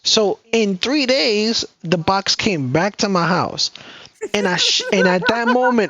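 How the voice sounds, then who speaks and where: Animated, swearing man telling a story. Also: high voice, measured pace, lo-fi sound. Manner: animated, profane, acts out quoted people. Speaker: podcast co-host. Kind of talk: casual storytelling chat.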